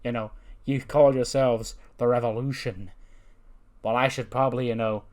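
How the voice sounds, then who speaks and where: A man's voice: mid-range voice, fairly even intonation, normal speed, a little mellow, close to an everyday voice. A man voicing an arrogant male wrestler who gloats smugly and boasts about himself. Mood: gloating.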